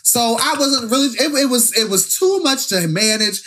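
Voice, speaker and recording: A young man on a chatty podcast, his pitch leaping up and down as he tells a story. He talks loosely and rambles, full of fillers and swearing. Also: normal speed. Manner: animated storytelling, frequent fillers and profanity. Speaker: podcast co-host. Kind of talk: casual podcast chat.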